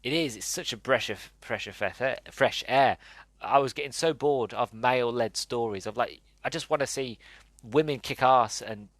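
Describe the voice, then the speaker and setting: A man's voice: medium pitch, normal speed, fairly bright tone, dry recording. A man hosting a podcast, giving a casual and enthusiastic movie review, rambling with many fillers and restarts. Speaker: podcast host.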